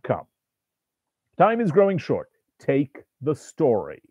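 A man's voice: medium pitch, wildly swooping pitch, slow, mellow, breathy edge, dry recording, heavily acted. A man doing a sneering demon tempter. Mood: scornful. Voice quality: harsh, grating laugh. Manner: taunting, coaxing, scornful. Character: sneering male demon double, contemptuous tempter. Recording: tinny phone-like dry sound.

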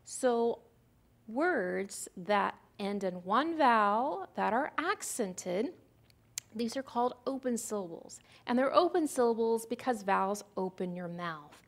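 A woman presenting a recorded teaching lecture, her fairly high voice rising and falling a lot as she walks through each example. She sounds patient and asks the listener questions as she goes, with some fry in her voice. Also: lively intonation, slow. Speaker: literacy presenter.

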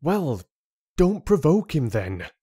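A man's voice: on the high side, very animated, takes it slowly, warm tone, breathy edge, voice pushed up, full character voice. A man voicing an anxious young hunter who speaks tensely and urgently. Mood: frustrated.

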